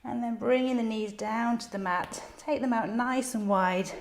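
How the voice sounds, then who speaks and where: Woman leading yoga, calm steady breath cues, kinda out of breath, roomy echo. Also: fairly high pitch, moderate pace. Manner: calm, encouraging cueing of breath and movement. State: slightly out of breath. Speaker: yoga instructor. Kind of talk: guided yoga class instruction. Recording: echoey room.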